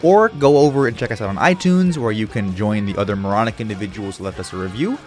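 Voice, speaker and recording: A man's voice: fairly low pitch, fast talker, darkish tone, faint music behind. A man co-hosting a comedy podcast, rambling through jokey stories with plenty of fillers. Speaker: podcast co-host.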